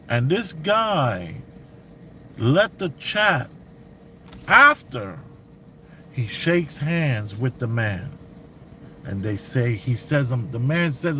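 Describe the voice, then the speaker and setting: A man telling a story in casual commentary, animated and slangy, acting out what others said. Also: mid-range voice, extremely slow, pauses often, a little hiss or hum. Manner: animated, acts out quotes, slang.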